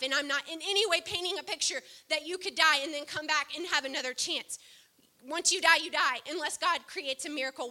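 A woman preaching a sermon, impassioned, swinging from soft, low passages to loud outbursts.

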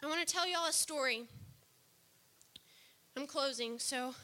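High bright impassioned woman preacher. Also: measured pace. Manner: impassioned, swings from soft to loud. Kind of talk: sermon.

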